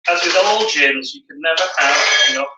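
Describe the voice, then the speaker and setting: A man's voice: fairly high pitch, lively intonation, a little fast, recorded from a distance, very noisy. A man hosting a casual live stream from his home bar, chatting as he explains a cocktail step by step. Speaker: host and bartender. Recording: echoey room, off-mic.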